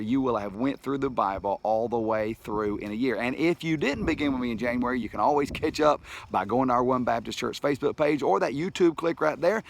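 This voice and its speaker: Folksy pastor, halting and earnest. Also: male voice, mid-range voice. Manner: folksy and earnest, many restarts and fillers; slows and stretches words for emphasis. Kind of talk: daily devotional video talk.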